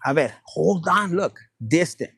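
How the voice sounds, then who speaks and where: High gravelly man giving a tarot reading. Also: animated, a little slow, fairly bright tone, no echo. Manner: profane, playful and gossipy, drops Spanish phrases. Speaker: tarot reader.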